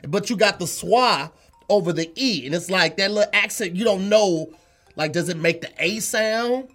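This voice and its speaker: A man playing a word game with a friend, joking around and sounding out hard words slowly. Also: sits high, expressive, fairly bright tone, soft background music. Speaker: game show contestant and host. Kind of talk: casual banter on a word game.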